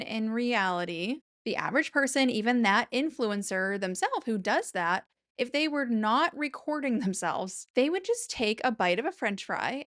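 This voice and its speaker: A woman hosting a casual commentary, her voice sitting at an ordinary middle pitch. She talks in a chatty, exasperated way and leans on words with bursts of mock-dramatic emphasis. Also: a bit bright. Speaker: commentary host.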